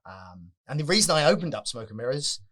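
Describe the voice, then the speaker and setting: Bar owner, middle-aged man, lively anecdote-teller, mid-pitched. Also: quick pace. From England. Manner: animated storyteller acting out customers' lines. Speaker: guest, magic bar owner. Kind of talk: casual chat.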